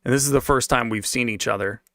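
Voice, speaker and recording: A man's voice: medium pitch, quick pace, a bit bright, dry recording, studio quality. A young man streaming and venting about his old job in a rambling, profane, slang-heavy way while reading donations. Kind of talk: casual rant.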